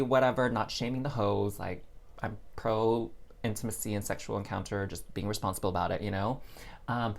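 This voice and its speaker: A man's voice: on the low side, brisk, gravelly. A man giving a casual, chatty tarot reading, talking straight to his listeners like friends. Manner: chatty and expressive, addresses listeners as girl and y'all. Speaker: tarot reader.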